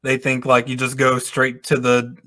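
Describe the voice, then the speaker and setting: A man's voice: mid-range voice, completely flat delivery, moderate pace, bright, forceful tone. A man hosting a podcast, asking short, casual questions and laughing between them. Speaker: podcast host. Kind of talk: casual interview.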